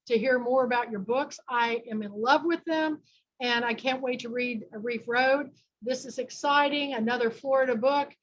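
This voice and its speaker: A woman's voice: high-pitched, a bit bright, dull audio. A woman from Kansas hosting an online book club, chatting and making rambling announcements over a video call.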